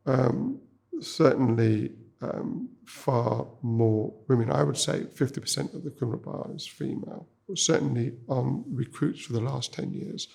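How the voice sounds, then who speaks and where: A male criminal barrister speaking haltingly in a documentary interview, pausing with fillers. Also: mid-range voice, creaky, warm tone, husky.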